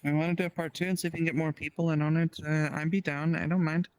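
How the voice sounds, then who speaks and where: Co-host in casual podcast talk, mid-pitched, talkative, detailed explainer, dry close-miked sound. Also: flat delivery, very fast, clear, resonant tone, dry recording. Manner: chatty, explains in detail with fillers.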